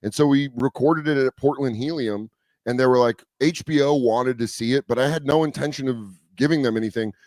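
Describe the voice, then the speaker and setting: Swearing, animated male comedian telling stories. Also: mid-range voice, a little fast, dry recording. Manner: animated storyteller who acts out quoted voices, swears freely. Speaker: comedian guest. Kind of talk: casual storytelling chat.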